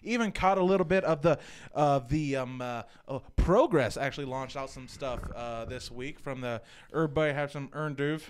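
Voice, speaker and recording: A man's voice: medium pitch, normal speed, clear, resonant tone. A man co-hosting a casual wrestling fan chat show, talking in a playful, announcer-like way. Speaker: podcast co-host.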